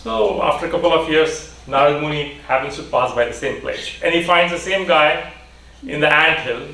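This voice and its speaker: A man giving a conference vote of thanks, telling a story plainly with fillers and restarts. His voice sits a little high, and the sound comes from far from the mic in a large, very echoey hall. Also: moderate pace, vocal fry, bright, forceful tone. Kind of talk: storytelling speech.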